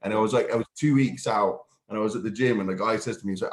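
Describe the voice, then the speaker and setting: A man's voice: lowish voice, steady tone, very fast. A man telling stories in a casual podcast chat, laughing often and swearing freely. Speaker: podcast co-host and bodybuilding competitor. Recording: roomy echo.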